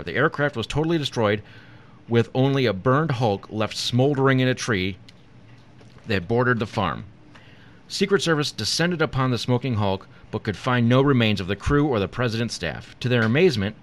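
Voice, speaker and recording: A man co-hosting a casual morning show, dry and wry, reading quotes and jokes aloud. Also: medium pitch. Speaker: radio show co-host.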